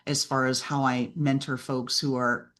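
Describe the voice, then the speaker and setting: A woman speaking as a podcast guest and business mentor, telling lively stories, acting out quoted voices and often asking "right?". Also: rumbling low, moderate pace. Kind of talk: animated interview conversation.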